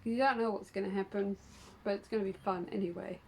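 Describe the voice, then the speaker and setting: A woman's voice: medium pitch, steady tone, quick pace, slight background noise, low-quality recording. A woman giving a casual tarot reading to her viewers, chatty and upbeat, with lots of fillers as she explains each card. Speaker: tarot reader.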